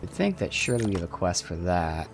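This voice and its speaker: A man's voice: low voice, sing-song, quick pace, gravelly, faint music behind. A man with a Philadelphia accent giving chatty, offhand let's-play commentary at his desk mic, swearing casually. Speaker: gameplay commentator.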